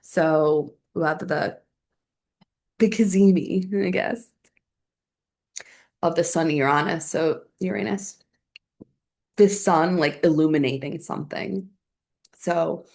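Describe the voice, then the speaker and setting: A woman's voice: on the low side, slow, gravelly, pauses often, a little mellow. A young adult woman hosting a solo astrology podcast, chatting casually and thinking aloud with lots of fillers.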